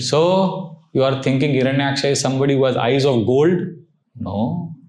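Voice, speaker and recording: A man giving a scripture class, telling stories in an animated way and laughing often. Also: fairly high pitch, echoey room. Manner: animated storytelling, laughs often, mixes Hindi phrases. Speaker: spiritual teacher.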